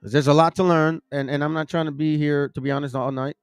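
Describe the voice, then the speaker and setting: Gravelly-voiced man in casual chat. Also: on the high side, fairly even intonation, fast talker, no echo, studio quality, soft background music. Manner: informal, conversational, insisting he is not lying. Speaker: host showing a book page by page.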